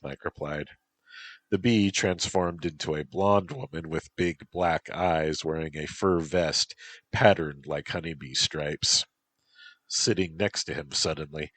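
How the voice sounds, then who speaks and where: A man calmly narrating a story as an audiobook. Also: a bass voice, a little slow.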